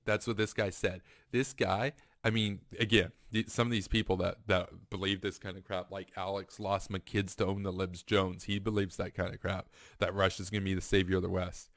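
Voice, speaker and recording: A man's voice: sits low, little pitch movement, fairly quick, few pauses, fairly bright tone, no room sound, studio quality. A man giving a heated, repetitive political commentary monologue. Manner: emphatic, ranting, repetitive.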